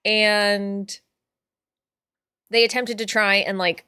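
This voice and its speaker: Bright-voiced chatty woman streamer. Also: mid-range voice, slow, clear, resonant tone, no echo, clean studio sound. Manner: animated, sweary, chatty. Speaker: streamer host. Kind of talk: casual chat with viewers.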